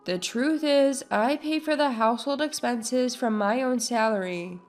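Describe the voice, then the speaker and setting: A woman narrating a first-person story in a slow, measured way. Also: a little high. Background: faint music.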